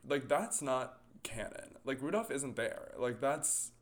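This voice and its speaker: A man's voice: mid-range voice, expressive, slow. A man co-hosting a podcast in casual chat, jokey and laughing often. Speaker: podcast co-host.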